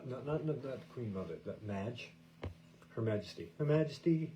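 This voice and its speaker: A man's voice: mid-range voice, lively intonation, a little fast, mellow, a little hiss or hum, rough recording. An American man hosting a podcast, talking in a casual, meandering way with many fillers and restarts. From United States. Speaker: podcast host. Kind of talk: casual rambling monologue.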